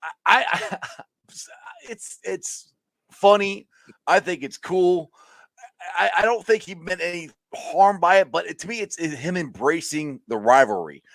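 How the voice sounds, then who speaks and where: A man's voice: high voice, expressive, unhurried, a bit bright, no room sound. A man hosting a casual sports podcast who stumbles over and repeats his words and laughs along with his guest. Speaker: podcast host.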